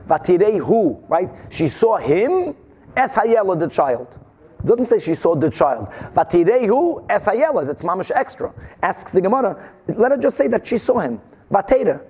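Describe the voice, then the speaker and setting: A man teaching a Talmud class, explaining the Gemara with animated rhetorical questions and Hebrew and Yiddish terms. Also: high voice. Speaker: Torah teacher.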